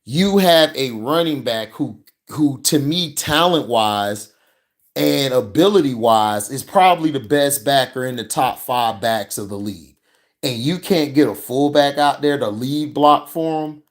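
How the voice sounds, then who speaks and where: A man's voice: mid-range voice, unhurried. A man ranting and reacting to football footage in a heated, profane, mocking way. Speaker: sports commentary vlogger.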